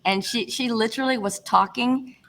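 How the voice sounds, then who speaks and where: A middle-aged actress, appearing as an interview guest, tells stories in a casual, animated way, laughing often and restarting her sentences many times. Her voice is a little high and her pace moderate.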